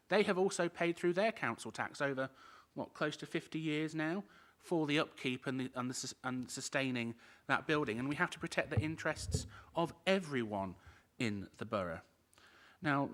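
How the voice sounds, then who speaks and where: A man's voice: mid-range voice, a bit bright. A man giving a firm, emphatic speech as a council cabinet member at a formal meeting.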